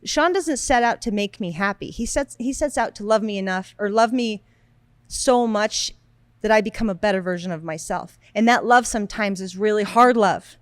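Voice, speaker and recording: A woman's voice: mid-range voice, moderate pace, dry recording. A woman in her thirties co-hosting a podcast, talking in a blunt, emphatic casual way. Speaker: podcast co-host. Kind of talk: casual chat.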